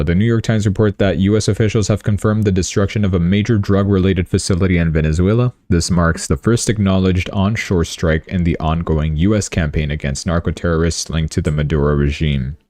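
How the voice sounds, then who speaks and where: Male livestream host, deep and mellow, casual rambling commentary. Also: fairly quick, few pauses, no echo, clean studio sound. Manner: chatty, rambling, joking asides.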